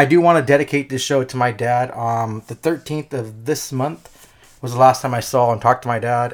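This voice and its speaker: Man, podcast co-host, excitable, casual, laughs often. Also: medium pitch. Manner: excitable, swears, laughs often, gets emotional.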